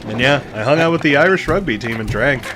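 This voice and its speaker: A man's voice: a little high, animated, quick pace, background noise. A man co-hosting a casual gaming podcast, telling long, rambling stories and swearing casually. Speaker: co-host.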